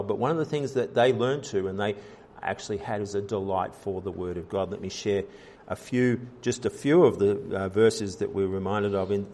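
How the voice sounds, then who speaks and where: A man's voice: on the low side, darkish tone. Earnest man preaching a sermon. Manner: earnest preaching, many fillers and restarts, rising emphasis. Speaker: pastor.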